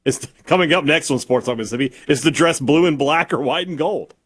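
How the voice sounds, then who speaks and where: A man's voice: a little high, brisk, a bit bright, slightly rough. A man co-hosting sports talk radio in casual banter, arguing playfully with frequent stammered restarts.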